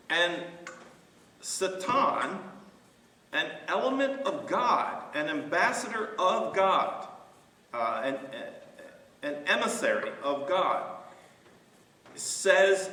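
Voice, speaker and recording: A man who is a pastor, leading a Bible study discussion in a halting way, with many fillers and restarts. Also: fairly high pitch, very animated, pushed and bright. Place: church sanctuary. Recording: echoey church hall, mic from far off.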